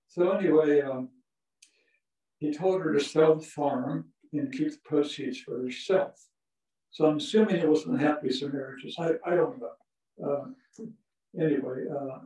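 A man from Ohio lectures on a video call by spinning folksy, meandering stories, dropping many "uh"s along the way. He has a slightly high, mellow voice. The recording sounds echoey and distant from the microphone.

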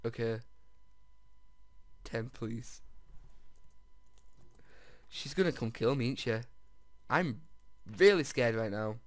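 Excitable man narrating his own gameplay. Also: medium pitch, slow pace, pauses often, no echo. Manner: excitable, jumps to squeals over finds; talks straight to viewers. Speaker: video game player. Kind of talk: let's-play gaming commentary.

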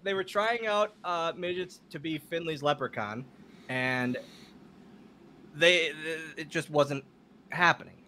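A man telling stories as a podcast guest, animated and laughing as he talks. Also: fairly high pitch, measured pace, long pauses, a little hiss or hum. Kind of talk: casual storytelling.

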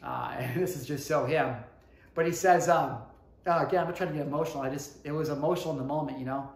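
A man in his thirties giving a motivational talk, telling a personal story with emphatic swings between hushed and loud delivery and casual swearing. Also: fairly high pitch, fast talker. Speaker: motivational speaker. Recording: echoey room.

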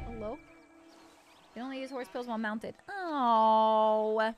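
A woman's voice: a little high, slow, highs cut off, music in the background. A woman streamer giving playful, chatty let's play commentary to her viewers.

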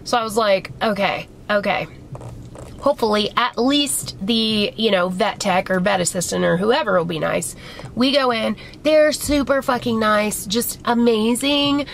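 Woman, storytime vlog, rambling, profane, slightly high, faint background noise. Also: gravelly, rough recording. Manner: heavy swearing, fast rambling storytelling. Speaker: beauty vlogger. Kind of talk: casual storytime chat.

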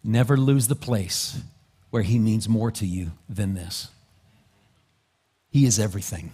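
A male pastor preaching a sermon, dropping to soft, low asides and then climbing into loud, rising exhortation. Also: unhurried, slightly rough. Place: church sanctuary.

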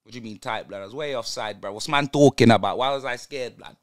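A man's voice: medium pitch, fast talker, no room sound, studio quality. A young man giving a live, slang-heavy football match reaction. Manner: excitable, slang-heavy banter. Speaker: football fan channel host.

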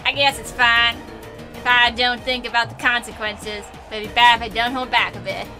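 A creepy young man from a game speaks in a slow, eerily calm Southern drawl, as a woman reads his lines aloud. The voice is bright and pitched fairly high. Soft game music plays behind. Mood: eerie calm. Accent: put-on bad Southern US drawl. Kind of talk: reading game dialogue aloud.

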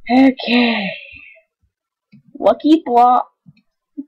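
An excitable woman talks through her gameplay in a high, bouncy voice that swoops up and down. She drawls her words slowly between sudden yelps at each mishap. The recording sounds dull and lo-fi. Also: breathy edge. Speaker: gaming channel host. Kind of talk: let's play commentary.

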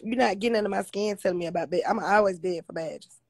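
A woman's voice: medium pitch, fast, a little mellow, no echo. A woman hosting a casual livestream on her phone, blunt, profane and confrontational as she talks to viewers. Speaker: livestream host.

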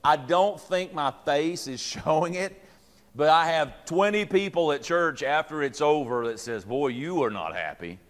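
A man's voice: on the high side, a little slow. A middle-aged man, a pastor teaching leaders in a folksy, joking way with many fillers and restarts. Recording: long reverb from a hall.

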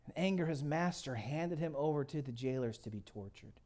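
A middle-aged man preaching a sermon. He tells the story dramatically, swinging from loud to hushed. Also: a little high, expressive, brisk. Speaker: guest pastor.

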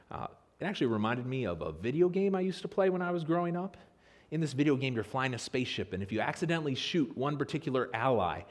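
An American man from Pennsylvania preaching a sermon as pastor in a church, telling stories in an animated way. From Pennsylvania, USA. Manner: animated storytelling with lively pitch swings. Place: church sanctuary.

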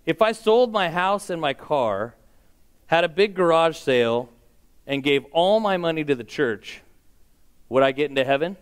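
A man voicing a woman Sunday school teacher who quizzes her class in a joke, in a smooth voice. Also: low-pitched, animated, normal speed. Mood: questioning.

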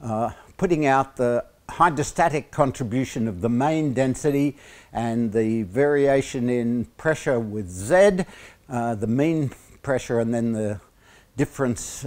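An Australian man gives a university lecture at an ordinary middle pitch. He talks in halting stretches broken by "uh", then drops in dry, teasing jokes between the points of the lesson. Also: a little mellow. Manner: halting, many "uh" fillers, joking asides.

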